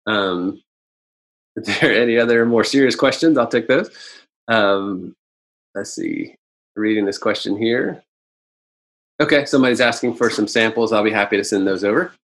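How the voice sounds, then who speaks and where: A man with a fairly low voice presents a business webinar over a video call. He speaks in a halting way, pausing often and filling the gaps with "um" and "uh". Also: a bit bright, rough recording. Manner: halting, many fillers.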